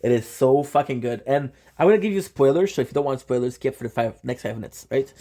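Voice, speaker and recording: A young man hosting his channel, excitedly recapping an anime in casual slang, with lots of restarts and swearing. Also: mid-range voice, quick pace, hardly any pauses. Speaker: channel host.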